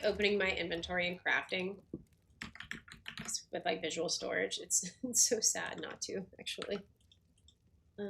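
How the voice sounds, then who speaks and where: A woman's voice: medium pitch, vocal fry, a bit bright, a little hiss or hum. A woman chatting casually on a game livestream, talking with lots of fillers and little laughs while she eats and plays. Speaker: game streamer.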